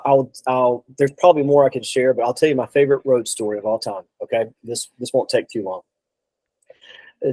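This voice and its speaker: A guest drummer rambles through a long road story in a casual chat, full of restarts and quoted asides. His voice is medium-pitched and darkish, captured in a rough recording with no room sound.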